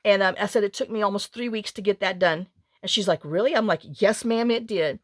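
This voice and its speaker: A woman's voice: mid-range voice, brisk, no room sound, clean studio sound. A middle-aged woman, chatting and rambling through a story as a craft channel host. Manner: rambling, animated, with many restarts and quoted dialogue.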